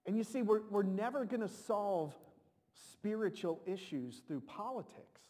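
Male preacher, high pitch, animated and repetitive delivery, reverberant sanctuary. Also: measured pace. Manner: animated, repeats words, shouts to dramatize. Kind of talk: sermon. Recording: long reverb of a large hall.

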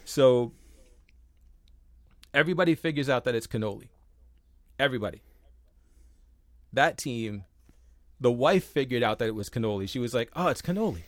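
Animated young man, dry close sound. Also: mid-range voice, moderate pace, pauses often, dry recording. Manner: animated storyteller, acts out quotes, swears casually. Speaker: podcast co-host. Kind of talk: casual podcast chat.

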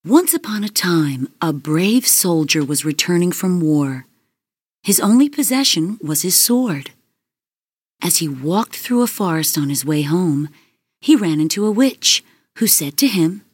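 A woman narrating a fairy tale in a slow, expressive storytelling manner. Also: on the low side, breathy edge, no echo, clean studio sound.

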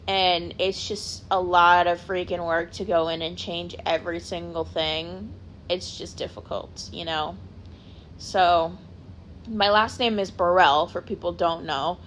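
A woman's voice: on the low side, fairly even intonation, a little slow, fairly bright tone, a little hiss or hum. A young adult woman hosting a podcast, rambling casually on her own, peppering her talk with "like" and correcting herself as she goes. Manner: rambling, heavy use of "like", self-correcting. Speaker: podcast host. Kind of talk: casual solo chat.

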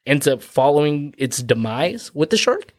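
A man's voice: fairly high pitch, big pitch swings, moderate pace, dry recording, clean studio sound. Profane rambling male storyteller. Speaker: podcast co-host and storyteller. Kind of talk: casual comedic storytelling.

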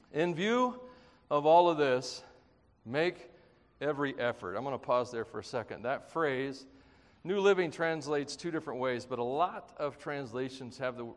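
A man preaching a sermon in an animated, conversational way, mixing jokes and acted-out quotes into his teaching. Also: medium pitch, in a large hall. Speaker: pastor.

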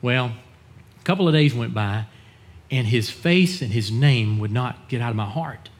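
A man preaching as a pastor, telling a story in an earnest manner and acting out the people he quotes. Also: normal speed. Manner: earnest, acts out quoted dialogue in a lowered voice. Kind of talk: sermon storytelling.

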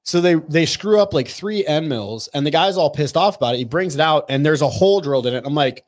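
Animated man telling gun store stories. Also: fairly high pitch, fast talker, few pauses. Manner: animated, profane, quotes people in their voices. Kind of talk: casual storytelling chat.

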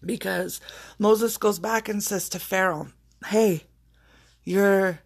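Gravelly-voiced woman giving an emphatic pep talk. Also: medium pitch, fairly even intonation, a little slow. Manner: emphatic, repetitive, profane. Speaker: motivational speaker. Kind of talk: casual spiritual pep talk.

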